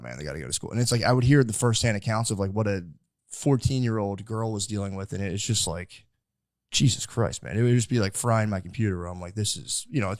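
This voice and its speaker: Young guy rambling fast on a podcast, lotsa likes, dry sound. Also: fairly low pitch, no room sound. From United States. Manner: rambling, filler-heavy with many likes. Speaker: podcast host. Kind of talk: casual podcast interview.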